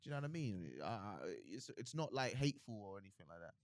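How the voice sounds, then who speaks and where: Young man, podcast co-host, animated and argumentative, expressive pitch, dry sound. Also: quick pace, dry recording. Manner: animated, argumentative, laughs easily. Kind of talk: casual chat.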